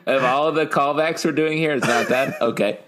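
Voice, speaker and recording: A man's voice: mid-range voice, normal speed, fairly bright tone. A man co-hosting a casual comic book podcast, enthusiastic and joking, quoting characters in mock voices. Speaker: podcast co-host.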